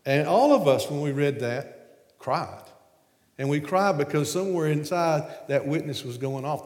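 Animated Southern man in a hall. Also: fairly high pitch, fairly quick. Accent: Southern American. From Southern United States. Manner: animated, laughing storyteller. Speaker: speaker on stage. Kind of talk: storytelling talk to an audience. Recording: echoey hall with long reverb.

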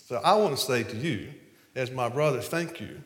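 A man with a Southern American accent telling a story to an audience in an animated, laughing way. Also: medium pitch, normal speed. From Southern United States. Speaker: speaker on stage. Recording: echoey hall with long reverb.

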